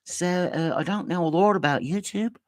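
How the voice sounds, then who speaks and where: A man's voice: high voice, normal speed, no echo, clean studio sound, pitched above the performer's own voice, lightly acted. A man doing a timid, fumbling English-accent guy. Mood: bewildered. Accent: put-on English accent. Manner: polite, fumbling, bewildered. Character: timid, confused young man with a British-style accent.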